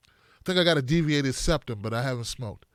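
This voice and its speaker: A man hosting a political commentary livestream, animated and joking, swinging from shouts to mumbles. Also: medium pitch, a little fast, no room sound, studio quality. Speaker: host.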